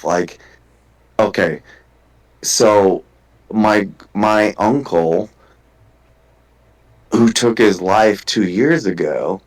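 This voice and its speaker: A man's voice: on the low side, poor audio. A man in a casual podcast conversation, telling a long personal story with lots of swearing and restarts. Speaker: guest.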